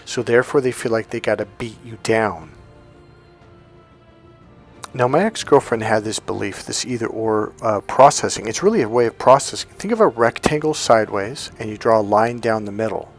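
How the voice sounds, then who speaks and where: Animated storytelling man coach. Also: fairly low pitch, moderate pace, faint music behind. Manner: animated storytelling, acts out both sides of a quarrel. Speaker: relationship coach. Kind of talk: casual monologue.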